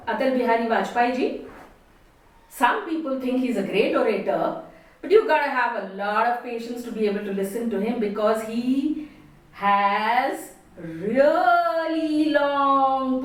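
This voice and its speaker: Expressive high-voiced Indian woman trainer. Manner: expressive, stresses words deliberately. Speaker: communication trainer. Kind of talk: spoken lesson. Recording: echoey room, distant mic.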